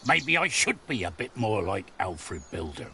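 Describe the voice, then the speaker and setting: A man's voice: lowish voice, big pitch swings, measured pace, creaky, pushed and bright, a little hiss or hum, heavily acted. An actor playing a lazy, cheeky male builder in a game, mocking and bickering. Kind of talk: game voice acting.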